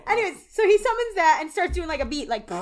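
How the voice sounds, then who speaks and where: A high-pitched woman co-hosting a casual podcast. She recaps a show in loose, sarcastic chat, swearing freely as she goes. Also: very animated, quick pace. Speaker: podcast co-host.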